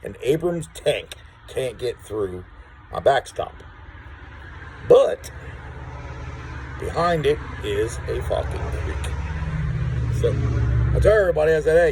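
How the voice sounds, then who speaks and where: Gravelly man telling a story. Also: medium pitch, big pitch swings, takes it slowly, long pauses, a little mellow, slight background noise, poor audio. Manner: rambling, repeats words, acts out quotes. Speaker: vlogger. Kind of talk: casual storytelling to camera. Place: outdoors on rural property.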